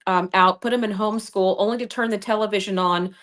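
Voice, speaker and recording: A woman's voice: mid-range voice, steady tone, fast, fairly bright tone. A woman running for Congress, a guest on a livestream, telling her story in a fiery, combative way. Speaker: congressional candidate. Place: home studio over streaming video call. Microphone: remote streaming mic.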